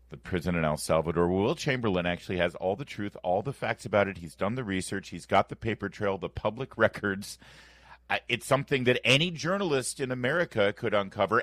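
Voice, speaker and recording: A man's voice: sits low, a bit bright, dry recording, clean studio sound. A man hosting a morning talk radio show, emphatic and playfully sarcastic as he runs through the lineup and banters with his co-host. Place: radio studio. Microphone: studio microphone.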